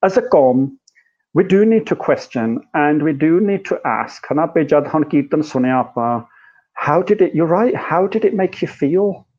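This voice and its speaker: A man's voice: on the high side, animated, moderate pace, a little mellow. A man in a reflective conversation, talking animatedly and rhetorically, often checking in with "right?" and "you know". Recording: dull lo-fi sound.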